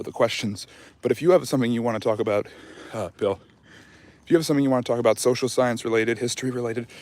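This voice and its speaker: Man, out of breath, history livestream host, rambling casual chat, mid-pitched voice. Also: darkish tone. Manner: rambling, loose, full of fillers and restarts. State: out of breath after a jog.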